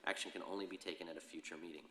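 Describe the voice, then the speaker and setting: A very low-voiced man chairs a city council meeting, running through motions and votes at a fast clip. His voice rings in a roomy council chamber with a long reverb tail, and he reads the procedural rules aloud in a brisk, businesslike way. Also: fairly even intonation, fairly bright tone.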